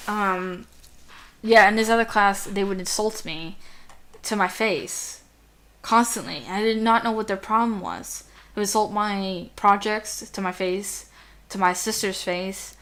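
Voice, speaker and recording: A young adult woman with a youthful, girlish voice chats and rants casually as a gameplay commentator, easily distracted and swearing now and then. Her voice is mid-range and a bit bright, and her pace is measured.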